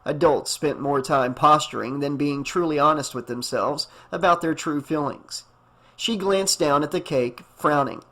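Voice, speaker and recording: A man narrating an audiobook in a steady, even storytelling manner. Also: a little high, measured pace. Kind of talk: scripted narration.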